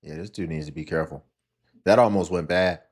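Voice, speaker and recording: A man's voice: low-pitched, fairly quick. A man reacting to a video clip in casual, questioning commentary. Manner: musing, questioning, conversational.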